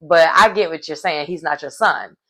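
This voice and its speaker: A woman's voice: low voice, normal speed, fairly bright tone. Chatty woman recapping a reality show. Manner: chatty, slangy, wry asides. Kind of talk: casual recap commentary.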